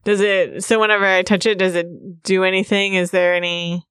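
A woman's voice: medium pitch, level tone, a little fast, a bit bright, smooth, no room sound, clean studio sound. A woman playing a tabletop role-playing game, speaking hesitantly with many fillers. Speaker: player.

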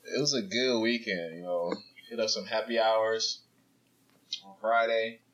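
A young man co-hosts a podcast, telling about his week in a relaxed, friendly way. His voice sits low and easy. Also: unhurried, lo-fi sound. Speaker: podcast co-host. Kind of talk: casual chat.

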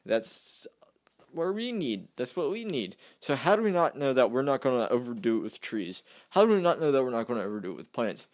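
A man's voice: mid-range voice, sing-song, fairly quick. A young man rambling through a casual political rant, repeating himself and mocking the other side. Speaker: vlogger.

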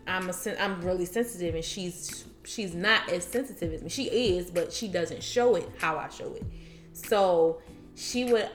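A young woman talks through a personal story in candid, rambling sentences and often corrects herself as she goes. Her voice is bright and forward. The room around her has a clear echo, and faint music sits underneath. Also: fairly low pitch. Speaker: podcast guest. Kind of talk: casual chat.

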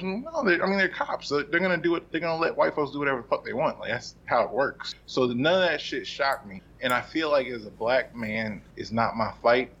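Man, husky, relaxed storyteller, swearing, muffled recording. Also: medium pitch, fairly quick. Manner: laid-back storytelling, acts out quotes. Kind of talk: casual profane group chat. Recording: dull lo-fi recording.

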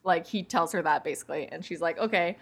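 A woman co-hosting a casual movie review chat, giggly and animated, full of "like" fillers. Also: fairly low pitch, quick pace, vocal fry, slightly rough. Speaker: podcast co-host.

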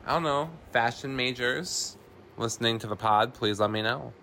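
A man's voice: mid-range voice, moderate pace, vocal fry, sharp tone, slight background noise. A man hosting a podcast, recapping a film in a loose, profane, casual way with many ums and likes.

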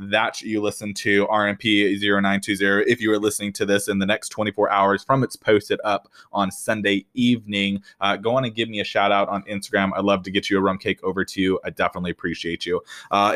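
Hyped-up man hosting a solo podcast. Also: on the low side. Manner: energetic, excitable, swears freely. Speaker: podcast host. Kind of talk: casual solo podcast talk.

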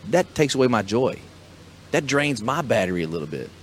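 A middle-aged man hosts a casual podcast chat and coaches small business owners in an upbeat, motivational way. He talks quickly and keeps pressing his point. A faint room ambience sits under his voice. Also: medium pitch, very animated, slight background noise. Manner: fast, enthusiastic, motivational.

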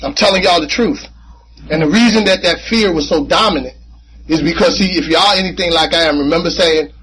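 A man speaking at a recovery meeting, telling his personal story in an animated, conversational way with casual slang and frequent repeats. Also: a little high, a little fast, a little hiss or hum, poor audio. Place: meeting room.

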